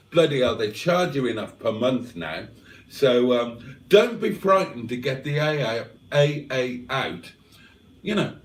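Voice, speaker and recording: A man hosting a casual livestream, his pitch rising and falling in a lively, animated way. He talks with a dry, self-mocking, slightly pompous turn of phrase. He sits back from the mic, so the room rings around him. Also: distant mic. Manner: dry self-mocking, wordy and mock-formal. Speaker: livestream host. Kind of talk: casual chat reading out live viewer comments. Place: indoors, home livestream. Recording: roomy echo, voice a little off-mic.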